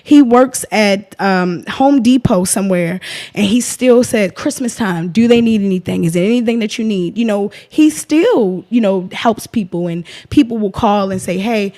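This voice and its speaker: A woman's voice: mid-range voice, normal speed, warm tone. A woman, speaking as a guest in an emotional interview, impassioned and defiant, often retelling what others said.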